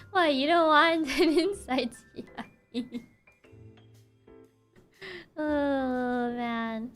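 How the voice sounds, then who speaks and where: Young woman streamer, high soft-spoken voice, sassy n giggly, faint music behind. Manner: laughs often, sassy, playful. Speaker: VTuber streamer. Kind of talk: casual livestream chat, reading chat aloud.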